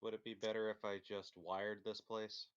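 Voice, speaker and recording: A man's voice: lowish voice, level tone, moderate pace, clear, resonant tone, muffled recording. A man playing a tabletop game, thinking aloud and hesitating over his moves.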